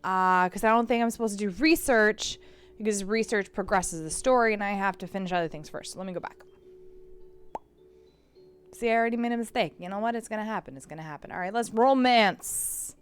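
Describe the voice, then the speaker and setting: A slightly hoarse woman streamer chatting casually and self-mockingly as she plays a game. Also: mid-range voice, a little fast. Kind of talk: casual live-stream chat.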